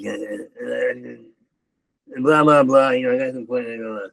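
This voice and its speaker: Stammering older comedian, gravelly voice. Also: male voice, medium pitch, fast, fairly bright tone, no echo, poor audio. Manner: heavy stammering, repeats words, rambling. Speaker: comedian guest. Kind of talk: storytelling interview.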